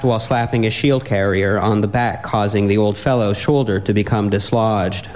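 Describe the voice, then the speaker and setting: A man reading a comic story aloud with a dry, deadpan delivery. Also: on the low side, normal speed, hardly any pauses, lo-fi sound.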